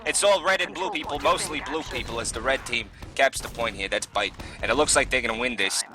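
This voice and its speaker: Excitable male esports caster. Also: mid-range voice, fairly quick, background noise. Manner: excitable, voice jumps up in big plays. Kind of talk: live play-by-play commentary.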